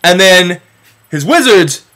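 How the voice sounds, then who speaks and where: A man's voice: sits high, slow. A man retelling an old story as comedy, sarcastic and heavy on swearing. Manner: sarcastic, profane, animated.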